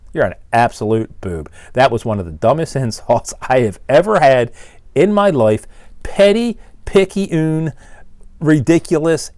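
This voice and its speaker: In a one-take video shot to camera, a Baltimore-area engine builder and shop owner in his sixties rants bluntly and with exasperation at his critics. His Maryland accent rides on a mid-range, darkish voice, and the recording is dry with clean studio sound.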